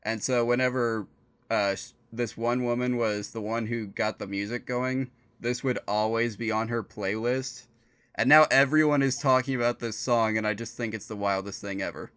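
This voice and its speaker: A young man co-hosting a podcast, talking in a relaxed, dry way with many fillers. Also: mid-range voice, normal speed, smooth. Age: young adult. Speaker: podcast co-host. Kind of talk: casual podcast banter.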